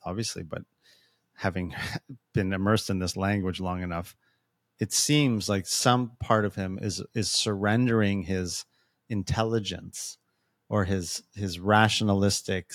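Low-voiced man explaining, dry. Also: a bit bright, dry recording. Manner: explanatory, with frequent restarts. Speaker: podcast co-host. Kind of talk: casual podcast discussion.

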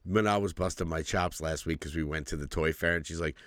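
A man in his forties, co-hosting a casual podcast chat, telling animated stories with lots of laughs and casual swearing. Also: deep voice, brisk, hardly any pauses, dry recording, studio quality. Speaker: podcast co-host.

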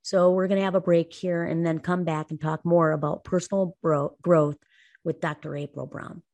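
A woman co-hosting a talk show, telling a personal story in an earnest, lively way. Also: on the low side, moderate pace. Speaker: co-host. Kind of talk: casual podcast talk.

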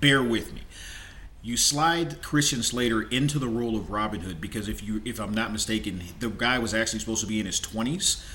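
A man's voice: on the low side, fairly quick, pushed and bright, a little hiss or hum. A man co-hosting a podcast in casual chat, reading out listener submissions and laughing often. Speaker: podcast co-host.

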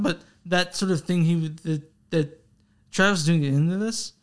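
A man's voice: fairly high pitch, normal speed. A young man co-hosting a casual music podcast, rambling, swearing and apologizing for himself. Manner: rambling, swearing, self-deprecating. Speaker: podcast co-host. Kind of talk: casual chat.

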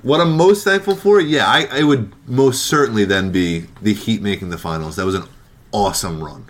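A man's voice: lowish voice, normal speed. A man co-hosting a casual sports podcast, sarcastic and self-deprecating. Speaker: podcast co-host.

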